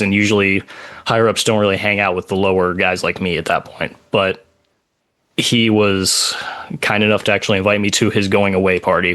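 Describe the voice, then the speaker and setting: A man with a fairly low voice recounts a personal story in casual podcast talk. He speaks haltingly, breaking his sentences with pauses and "like" asides. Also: fairly bright tone.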